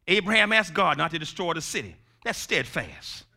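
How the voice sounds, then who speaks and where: A male preacher giving a sermon in call-and-response style, swinging from shouts to hushed tones. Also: fairly high pitch, sing-song, normal speed, few pauses.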